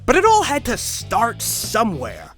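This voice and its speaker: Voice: mid-range voice, wildly swooping pitch, measured pace, a bit bright, faint music behind. A host giving a comedic overview of toy history, with wry, exaggerated comic outbursts.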